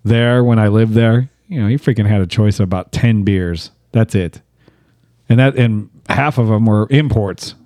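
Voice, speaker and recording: Mellow, low-voiced laid-back man. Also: moderate pace, no echo, studio quality. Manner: laid-back, laughs at his own stories. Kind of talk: casual chat, storytelling.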